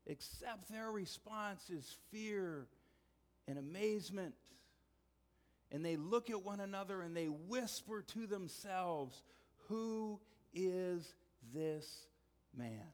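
High-voiced male pastor in a reverberant hall. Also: moderate pace. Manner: conversational storytelling, dropping to quiet earnest tones. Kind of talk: sermon.

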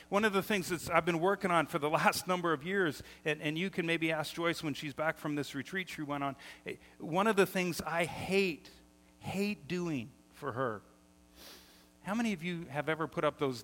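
Animated male pastor in a reverberant sanctuary. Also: a little high, moderate pace. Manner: animated storytelling, repeats words when starting sentences. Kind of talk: sermon. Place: church sanctuary. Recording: long hall reverb.

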